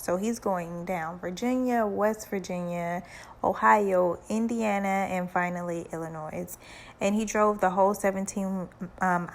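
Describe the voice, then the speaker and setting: A woman casually retelling a book in slangy, conversational language. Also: medium pitch. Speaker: book summary narrator.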